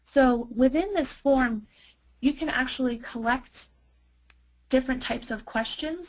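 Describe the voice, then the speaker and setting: Higher-voiced woman marketer, chatty, excited demo talk, lots of ums. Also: low-quality recording. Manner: enthusiastic, chatty, fillers like um. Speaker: marketer presenting a software demo. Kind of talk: product demo presentation.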